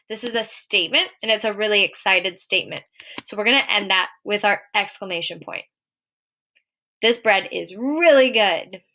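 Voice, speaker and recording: A young adult teacher records a lesson aimed at young children, speaking clearly and encouragingly and slowing to read example sentences aloud. Her voice is mid-range, bright and forceful in tone.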